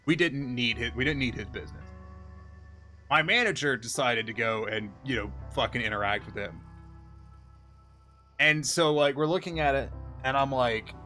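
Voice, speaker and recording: A man livestreaming, telling an exasperated, profane work story in a casual, animated way. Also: medium pitch, normal speed, long pauses. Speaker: streamer. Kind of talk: casual storytelling on a live stream. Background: faint game music.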